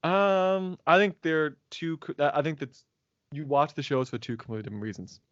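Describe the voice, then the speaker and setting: Guy chatting on a podcast, laughs a lot, pitch jumps all over, dry dull mic. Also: brisk, dry recording. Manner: animated, laughs often, acts out quotes. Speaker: podcast co-host. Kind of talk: casual chat.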